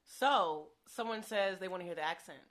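A woman's voice: lowish voice, normal speed, fairly bright tone. A woman hosting a casual interview, asking questions playfully and passing on viewer comments. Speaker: interviewer host.

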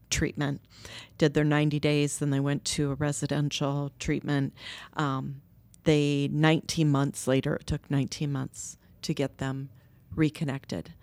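Low gravelly-voiced woman telling a story. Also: no room sound. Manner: earnest, animated when quoting others. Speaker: nursery co-founder. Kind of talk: conversational interview storytelling.

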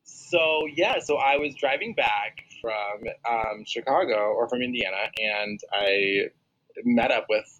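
A man co-hosting a podcast in casual chat, animated and jokey. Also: medium pitch, takes it slowly, highs cut off, slight background noise. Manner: animated, jokey, breaks into mock voices. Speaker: podcast co-host.

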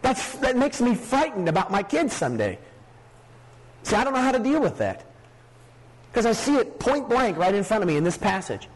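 A young man delivers a church sermon in a notably high voice. He is earnest and emphatic and doubles back on phrases to drive his points home. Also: big pitch swings, normal speed, pauses often, slightly rough, big-room sound, poor audio. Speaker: preacher. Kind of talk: sermon with opening prayer. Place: church meeting hall.

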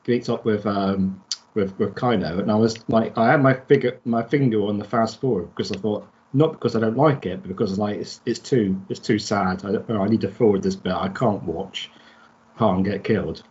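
A man's voice: on the low side, normal speed, a little mellow, dull audio. A man chatting casually on a podcast panel, telling a story in a rambling way and correcting himself as he goes. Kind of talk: casual chat.

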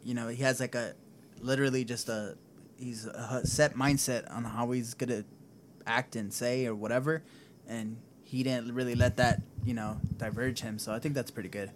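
A man with a mid-range voice in a relaxed conversation among friends. He agrees readily and threads his sentences with filler words. A faint hum of noise sits under his voice. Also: mid-range voice, moderate pace. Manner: chatty, agreeable, filler-heavy. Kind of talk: casual podcast chat.

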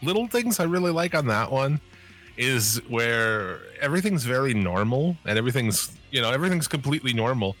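A man's voice: medium pitch, sing-song, brisk, fairly bright tone, faint music behind. A young man co-hosting a casual podcast, talking loosely about horror shorts, laughing and swearing often. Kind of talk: casual profane chat.

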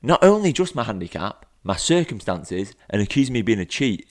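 A man, speaking in a low-pitched voice, tells a story in loose podcast chat. He is animated and keeps leaning on repeated lines for emphasis. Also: brisk.

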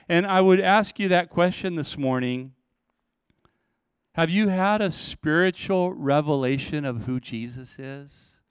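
A middle-aged male pastor delivers a sermon in a fairly high, smooth voice. He drives points home with loud, stressed phrases, then drops to slow near-whispers. The sound is dry and close, with no room around it. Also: no echo. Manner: passionate preaching with sudden swings between loud emphasis and hushed, slowed lines.

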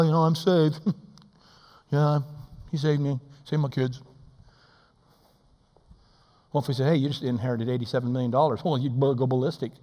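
Older assistant pastor, higher-pitched preacher, swings from booming to hushed, church reverb. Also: male voice. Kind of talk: sermon. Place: church sanctuary.

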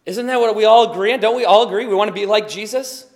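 A tired man preaching as a pastor, earnest and swinging from quiet to loud emphasis. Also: high-pitched, fast talker, in a large hall. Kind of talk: sermon.

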